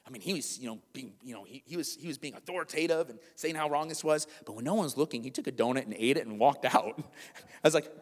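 A man's voice: on the high side, animated, fast talker. A male pastor preaching a sermon in a church auditorium, conversational with joking asides, building to emphatic passages. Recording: reverberant hall.

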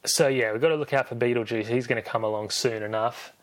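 A man's voice: mid-range voice, steady tone, fast talker. A man hosting a podcast, recapping a film in a rambling, jokey way and correcting himself as he goes. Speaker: podcast host.

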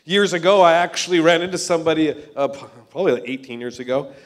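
A man preaches with energy and a casual, conversational touch. His voice sits high for a man. He slips into quick acted-out voices for the people in his stories. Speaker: pastor. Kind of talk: sermon.

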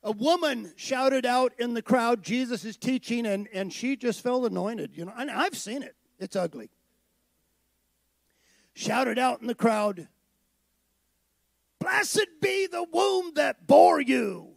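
High, gravelly-voiced male preacher. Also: a little slow, dry recording. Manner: conversational preaching, rising to emphatic declarations. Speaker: pastor. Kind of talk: sermon.

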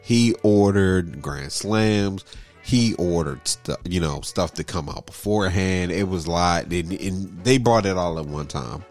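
A man's voice: sits low, measured pace, soft background music. A man telling a story in casual chat, acting out everyone he quotes. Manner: animated, acts out everyone in the story.

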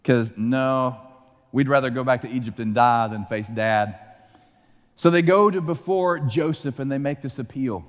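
Animated male preacher in a reverberant hall. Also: medium pitch, measured pace. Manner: animated storytelling, acting out voices. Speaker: pastor. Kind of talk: sermon.

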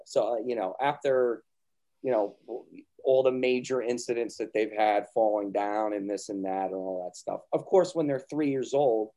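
Guy on a podcast as the guest, mellow low-ish tone, rambly stories, swears a lot. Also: normal speed. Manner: storytelling, swears, acts out quotes. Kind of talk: casual chat.

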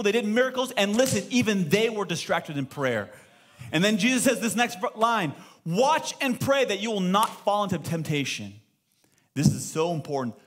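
A man pastor preaching to a live church congregation, emphatic and lively, throwing rhetorical questions to the room. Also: sits high. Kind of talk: sermon.

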